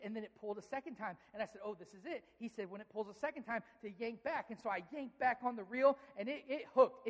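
Preacher telling a story in a reverberant hall. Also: medium pitch. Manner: storytelling, acting out dialogue, rambling restarts. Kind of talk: sermon with a personal story.

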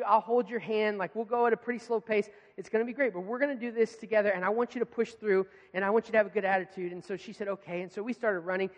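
A man's voice: high-pitched, long reverb tail. A man in his thirties, a pastor telling a family story in a sermon, acting out his children's voices.

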